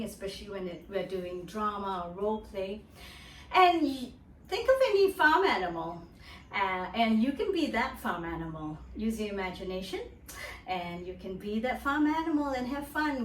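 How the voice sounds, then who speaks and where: A woman teaching a children's drama lesson in an animated, sing-song way, making animal noises for the kids to copy. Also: a little high, a little hiss or hum. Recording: echoey room, mic at a distance.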